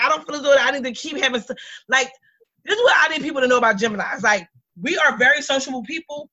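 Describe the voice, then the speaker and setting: A woman in her thirties co-hosting a podcast, telling a story in blunt, lively chat with lots of swearing. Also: high-pitched, highs cut off. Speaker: podcast co-host. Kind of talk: casual chat.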